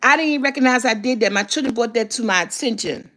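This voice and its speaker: A woman in her fifties talks straight to her viewers in a casual motivational vlog. Her voice sits a bit high, and she is candid and emphatic, swearing freely as she makes her points. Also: fast, sharp tone. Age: 50s. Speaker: vlogger.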